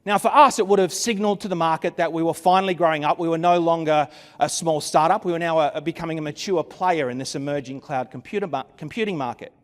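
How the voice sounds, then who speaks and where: Speaking fast with barely a pause, this keynote speaker has a slightly high voice and a long reverb tail behind him. He's on a conference stage with a microphone, telling a dramatic story with wry asides.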